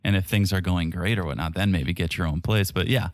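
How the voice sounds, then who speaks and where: On a clean studio track with no echo, a low-pitched man talks fairly quickly as he co-hosts a podcast. He recaps a reality show casually, his remarks dry and sarcastic.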